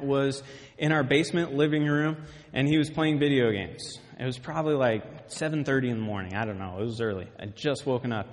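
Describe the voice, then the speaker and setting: A young man preaching a sermon with lively storytelling, often checking in with the listeners by asking "okay?". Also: a little high, long reverb tail.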